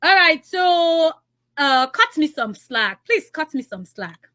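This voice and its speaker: Young woman, Nigerian accent, radio call-in host, high voice, laughing and teasing, slow phone-number reading. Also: big pitch swings, sharp tone. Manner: bubbly, laughs often, teasing callers; repeats phone numbers slowly and clearly. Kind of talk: live radio call-in game.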